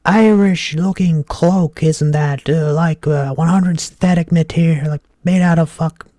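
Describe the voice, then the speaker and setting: A man voicing a gullible, gushing American tourist man with a high, overeager delivery. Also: steady tone, unhurried, dark tone, no room sound, natural voice.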